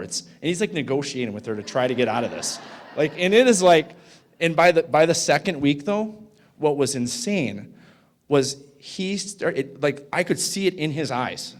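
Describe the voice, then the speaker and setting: A man's voice: a little high, animated, moderate pace. Thirties guy at a conference, chatty, lots of like and right, telling a family story. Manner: casual, filler-heavy, asks the audience "right?". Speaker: conference speaker. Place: conference hall.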